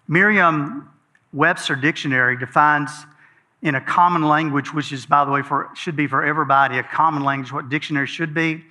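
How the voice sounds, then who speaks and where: A man's voice: on the high side, sharp tone. A man preaching a sermon to his church in a folksy, conversational way. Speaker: pastor.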